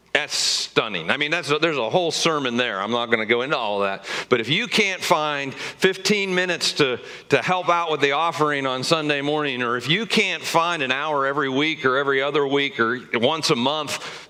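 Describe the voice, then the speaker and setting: A man's voice: fairly high pitch, pushed and bright. A man preaching a sermon as pastor of a church, in a conversational and joking way, with emphatic rises.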